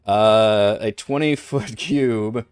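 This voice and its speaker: Smooth-voiced man running a tabletop game. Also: fairly low pitch, very slow, darkish tone, dry recording. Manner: casual, thinks aloud with many fillers. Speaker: game master.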